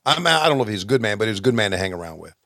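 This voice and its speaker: A man co-hosting a casual chat over an old wrestling broadcast, relaxed, joking and reminiscing. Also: on the low side, racing, dry recording, clean studio sound. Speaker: podcast co-host watching old wrestling.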